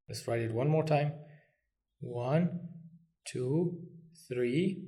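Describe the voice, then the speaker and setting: A man's voice: mid-range voice, very slow, long pauses, warm tone. A man teaching a language lesson, patient and reassuring, counting strokes aloud as he writes. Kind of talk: step-by-step lesson.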